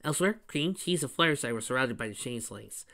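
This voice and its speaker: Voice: medium pitch, lively intonation, fast talker, gravelly, a bit bright. A fan reader narrating a fan story and adding chatty asides. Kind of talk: reading fan fiction with commentary.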